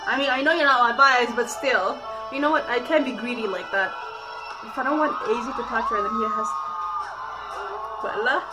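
A woman vlogging her reaction to a video on a phone, talking excitably with loud outbursts and laughter. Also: on the high side, normal speed, poor audio. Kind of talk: reaction vlog chat. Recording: music playing loudly behind. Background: music from the video being watched.

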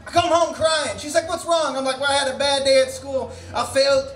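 Very high-voiced shouty male comic. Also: brisk, soft background music. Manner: loud, shouty, crude punchlines. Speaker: comedian. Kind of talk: stand-up set at an open mic. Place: comedy venue stage. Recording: roomy echo of a small venue.

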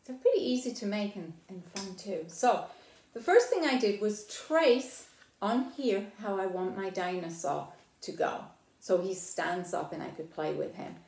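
A woman's voice: mid-range voice, expressive, a little slow, vocal fry, a little mellow. A middle-aged woman presenting a children's library program, explaining crafts and experiments step by step and asking the viewer friendly questions. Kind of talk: hands-on craft and science lesson for kids. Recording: echoey room.

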